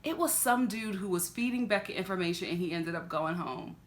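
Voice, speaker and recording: A woman vlogger giving a casual, sassy review of a reality TV episode, chatty and quick to laugh, talking to her camera. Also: lowish voice, expressive. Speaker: TV reaction vlogger.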